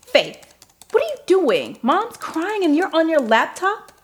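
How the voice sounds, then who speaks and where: A woman's voice: very high-pitched, huge pitch swings, a little slow, exaggerated voice. An actress playing a cautious young adult daughter who keeps objecting to her sister's risky plans. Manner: anxious, objecting. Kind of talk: film drama acting.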